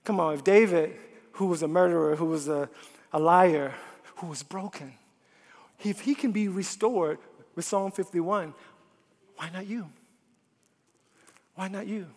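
A man preaching a sermon in a church, impassioned, swinging from loud declarations to hushed appeals. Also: sits high, normal speed. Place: church sanctuary. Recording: long hall reverb.

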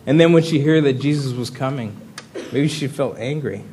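A man's voice: medium pitch, fairly quick, mellow, slightly rough. A man preaching an earnest sermon that rises into impassioned pleas.

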